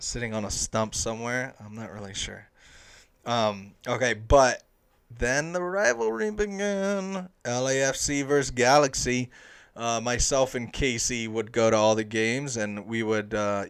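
A young man telling stories to camera in an excitable, chatty way, with plenty of fillers. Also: medium pitch, smooth. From United States. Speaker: soccer fan. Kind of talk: casual storytelling to camera.

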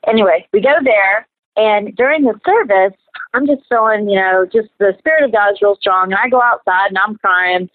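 A woman's voice: medium pitch, moderate pace, no echo. A woman, an interview guest and minister, earnestly telling her own story and acting out the voices of the people in it. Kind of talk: personal testimony in conversation. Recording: tinny phone-like line, dry.

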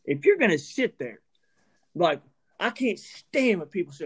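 A man's voice: high-pitched, wildly swooping pitch, measured pace, slightly rough. A man, co-hosting a podcast and delivering a heated, emphatic sports rant full of stammered restarts. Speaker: podcast co-host.

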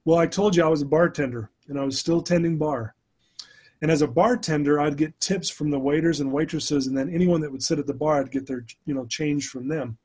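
A man's voice: fairly high pitch, fairly quick, darkish tone, slightly rough. A middle-aged man, a podcast guest, telling a personal story in an earnest, emotional way, often restarting his sentences.

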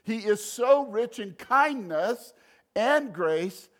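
High-voiced animated male pastor preaching. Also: takes it slowly. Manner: animated preaching, swings between loud emphasis and quiet asides. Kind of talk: sermon.

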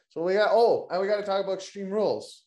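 Joking, cursing wrestling podcast host. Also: male voice, high voice, warm tone, reverberant. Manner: loose, joking, profane banter. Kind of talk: casual wrestling podcast chat.

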